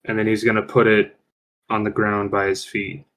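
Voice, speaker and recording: A man's voice: on the low side, monotone, moderate pace, a bit bright, rough recording. A man playing a tabletop game over online voice chat, casually describing his character's actions in third person. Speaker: player.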